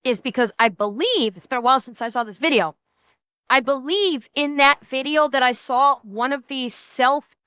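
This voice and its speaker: A woman streamer with a high, bright voice, chatting loosely as she reacts to clips. She is animated and jokey and often circles back over her own words. The sound is dry and close. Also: moderate pace, clear, resonant tone, no room sound. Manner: animated, jokey, repeats herself. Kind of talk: casual reaction chat.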